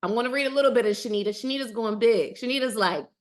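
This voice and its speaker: A woman's voice: fairly high pitch, quick pace. A woman dating coach hosting a casual live stream. She reads out viewer comments and answers them with emphatic enthusiasm, repeating phrases for emphasis.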